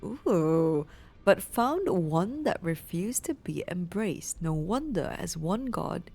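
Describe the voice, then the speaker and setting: A woman's voice: fairly low pitch, sing-song, slow, vocal fry, darkish tone, breathy edge, soft background music. A young woman streaming a game, gushing and emotional in casual commentary, swearing freely and reading item text aloud. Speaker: gameplay streamer. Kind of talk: excited gameplay commentary.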